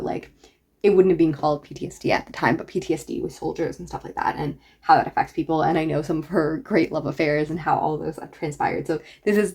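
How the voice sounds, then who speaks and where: A woman's voice: low voice, dark tone. A woman book reviewer talking casually and enthusiastically in a reaction vlog. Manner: enthusiastic, chatty.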